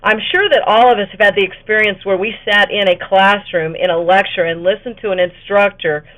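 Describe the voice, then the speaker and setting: A woman's voice: mid-range voice, fairly even intonation, brisk, a bit bright. Tinny-sounding woman giving a webinar lecture. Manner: conversational, with fillers and self-corrections. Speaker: educator presenting a webinar. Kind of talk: instructional webinar presentation. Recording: tinny phone-like webinar audio.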